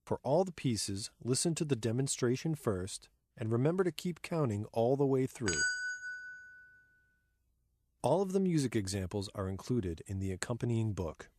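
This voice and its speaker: A man reading a scripted keyboard lesson in a measured, clear way, counting beats and rhythm words aloud in time. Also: mid-range voice, very animated, background noise. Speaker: keyboard instructor. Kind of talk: scripted instructional narration.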